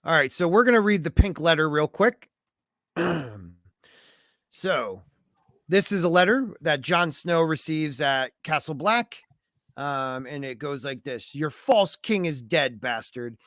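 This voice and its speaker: A man hosting a podcast, chatting casually and getting excited as he agrees with his guest. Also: a little high, unhurried, dry recording, studio quality. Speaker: podcast host.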